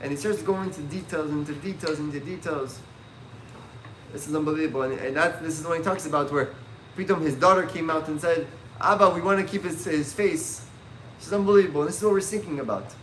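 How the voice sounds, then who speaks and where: A man teaching a religious class as a rabbi, telling stories in an animated way and mixing in Hebrew terms. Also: a little high, fast talker, a little hiss or hum. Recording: echoey room.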